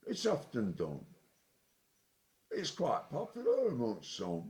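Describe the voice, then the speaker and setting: A tipsy man delivering an angry, sweary, rambling monologue, with sudden loud outbursts. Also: medium pitch, wildly swooping pitch, slow. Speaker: vlogger. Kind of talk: ranting monologue.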